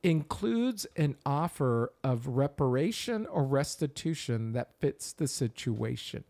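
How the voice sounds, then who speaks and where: A man's voice: mid-range voice, very animated, slow pace, gravelly, a little mellow. A middle-aged man co-hosting a casual podcast, walking through a numbered list and explaining each point. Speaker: podcast co-host.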